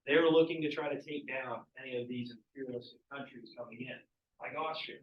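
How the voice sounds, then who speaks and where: Talking fast at medium pitch, a male history teacher casually lectures his class and throws questions at the students. Slight background noise accompanies an echoey, distant, muffled classroom recording.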